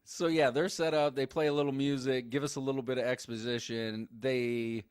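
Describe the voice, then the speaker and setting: A man co-hosting a casual movie recap podcast, animated and swearing freely as he acts out scenes. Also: mid-range voice, fairly quick, smooth, no room sound, clean studio sound. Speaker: podcast co-host.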